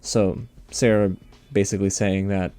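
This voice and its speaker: A man's voice: deep voice, flat delivery, unhurried, dark tone, clear, resonant tone, soft background music. A young man hosting a casual recap of a reality show, snarky and exasperated, laughing often at what he describes. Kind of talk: casual sarcastic recap commentary.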